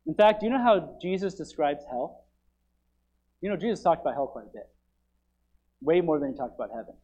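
High-voiced man preaching a fiery sermon. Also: animated, a little fast. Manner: swings from loud urgent preaching to quiet, low asides. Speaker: pastor.

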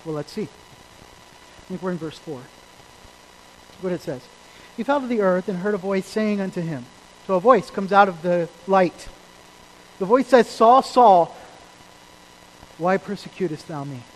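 High-voiced emphatic male preacher. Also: measured pace, pauses often, a little hiss or hum, low-quality recording. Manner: emphatic, swings between loud and quiet; asks the congregation questions. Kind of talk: sermon. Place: church service.

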